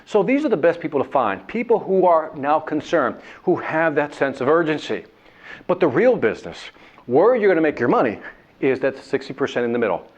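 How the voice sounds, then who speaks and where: A man delivers a lively sales training talk, and his voice rides fairly high with wide swings in pitch. He acts out the people he describes. The recording sounds dull and lo-fi. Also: a little fast. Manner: animated, acts out whining voices and characters. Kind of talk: motivational sales talk with a told story.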